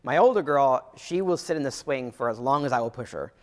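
Conversational preacher in a reverberant hall. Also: male voice, medium pitch, lively intonation, a little fast. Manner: conversational preaching with repeated phrases and restarts. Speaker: pastor. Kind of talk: sermon.

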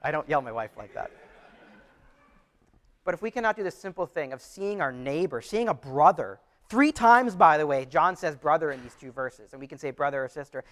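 A man's voice: fairly high pitch, sing-song, fairly quick, fairly bright tone. A pastor preaching a sermon to his church, earnest and conversational, often restarting his phrases.

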